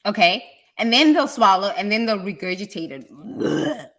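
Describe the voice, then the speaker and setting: A South African woman with a British-tinged accent giving a passionate motivational talk, swinging from quiet asides to loud, emphatic repeated lines. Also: medium pitch, lively intonation, a little slow. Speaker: speaker on personal growth.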